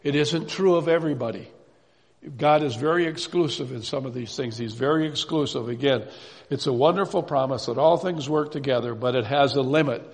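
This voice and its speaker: A man preaching a sermon in a measured way, repeating key phrases for emphasis. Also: mid-range voice. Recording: reverberant hall.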